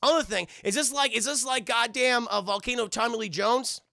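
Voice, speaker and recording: High raspy dude ranting a tv recap to his stream chat, swears a lot, sharp tone. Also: a little fast, no room sound, clean studio sound. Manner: profane, excitable, keeps addressing chat. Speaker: streamer reviewing a TV episode. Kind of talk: casual live-stream review chat.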